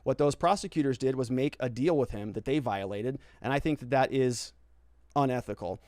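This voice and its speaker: On a casual legal commentary livestream, a lawyer reads viewer comments aloud and answers them conversationally, frequently ending points with "right?" and restarting phrases. His mid-range voice moves at normal speed, a little mellow, captured in studio quality with no echo.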